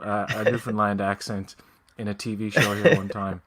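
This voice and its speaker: Low bright-voiced man chatting casually. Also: brisk, few pauses. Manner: relaxed, rambling, joking asides. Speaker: podcast co-host. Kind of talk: casual chat.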